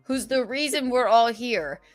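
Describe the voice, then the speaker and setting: A woman hosting a comedy podcast, chatting in casual banter with mock indignation and quick acted-out quotes. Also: fairly high pitch, expressive, faint music behind.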